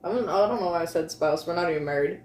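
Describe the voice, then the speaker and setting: A woman with a fairly low voice talks at a racing pace as co-host of a casual chat show, chatting freely and laughing often. The recording has an echoey room sound with a faint hum.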